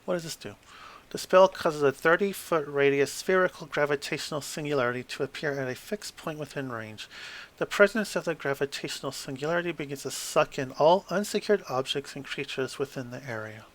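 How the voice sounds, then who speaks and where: Flipping through a tabletop game book, a man with a fairly high, brisk voice reads passages aloud, adding wry asides and stumbling over difficult words.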